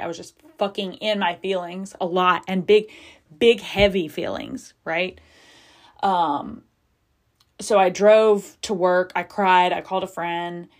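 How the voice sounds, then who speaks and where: A woman hosting a podcast, talking frankly and confessionally with lots of casual filler and frequent swearing. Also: medium pitch. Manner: chatty with many fillers. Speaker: podcast host. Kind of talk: candid personal monologue.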